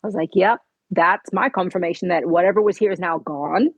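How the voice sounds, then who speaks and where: A middle-aged woman who tells her story with earnest feeling and plays the voices in her dialogue. Her voice sits a little low and has a husky edge. The sound is dry and close. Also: brisk, dry recording, highs cut off. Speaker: podcast guest. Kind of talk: conversational interview.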